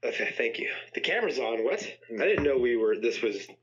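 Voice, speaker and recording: A man's voice: medium pitch, big pitch swings, brisk, breathy edge. A man co-hosting a casual podcast, goofy and apologetic. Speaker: podcast co-host. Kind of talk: casual chat. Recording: dull lo-fi audio.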